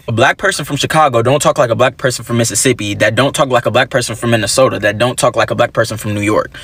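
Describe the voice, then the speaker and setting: A man's voice: mid-range voice, rapid-fire, few pauses, fairly bright tone, breathy edge. A man in a comedic social media rant, sarcastic and exasperated.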